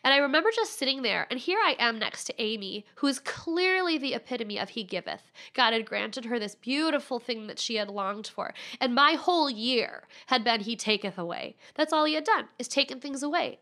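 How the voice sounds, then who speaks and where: A woman's voice: sits high, animated, fairly quick, few pauses, bright, forceful tone. A woman in her thirties, a podcast guest candidly telling a personal story.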